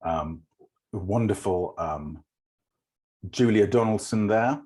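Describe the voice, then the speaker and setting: A man talks through a poetry lesson in a relaxed, meandering way. His voice sits low and has a husky edge. He drifts through side remarks and fills his pauses with ums. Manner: rambling, with many fillers. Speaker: teacher. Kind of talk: informal online lesson.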